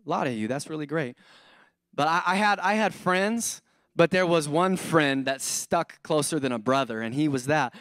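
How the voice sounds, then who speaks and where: A man in his thirties delivers a sermon with a high, bright-sitting voice, animated and playful, slipping into acted-out voices as he tells his stories. The sound is dry and close, with little room echo. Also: normal speed. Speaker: pastor. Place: church auditorium.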